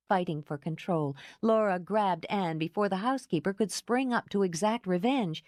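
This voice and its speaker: A woman narrating an audiobook in an expressive storytelling manner. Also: mid-range voice, moderate pace, hardly any pauses, dry recording, studio quality. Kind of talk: scripted narration.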